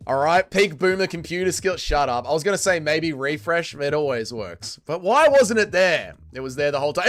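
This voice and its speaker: A man's voice: fairly high pitch, animated, moderate pace, hardly any pauses, fairly bright tone. Profane man hosting a livestream. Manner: profane, exasperated, banters with chat. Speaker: livestream host reading chat. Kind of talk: casual livestream chat.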